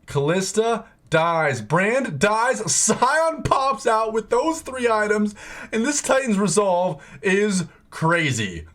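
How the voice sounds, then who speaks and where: A young man giving excited, exclamatory commentary while walking through a video game's new features. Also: high-pitched, takes it slowly. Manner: excitable, exclamatory, lots of "oh my gosh". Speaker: game content creator.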